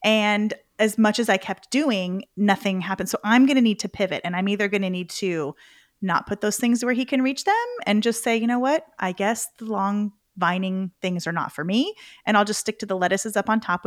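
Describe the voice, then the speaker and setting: Middle-aged female guest, lively casual storytelling, dry recording. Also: medium pitch, no room sound. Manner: animated storyteller, acts out her own reactions. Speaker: podcast guest. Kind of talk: casual interview chat.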